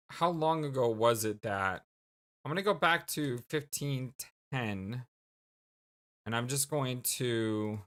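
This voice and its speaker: A let's play host giving casual commentary and reading game text aloud, full of quick reactions and exclamations. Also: medium pitch, a bit bright.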